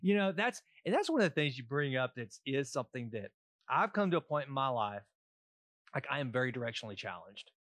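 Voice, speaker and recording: A man in his forties with a Texan accent, co-hosting a podcast in casual chat and telling animated stories. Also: medium pitch, fairly quick, no echo. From East Texas. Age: 40s. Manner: animated storyteller, acts out voices in anecdotes. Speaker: podcast co-host.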